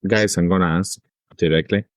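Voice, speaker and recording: Deep-voiced male player, terse action calls, dry. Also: steady tone, a little fast, dry recording. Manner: terse, direct action statements. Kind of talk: tabletop game play.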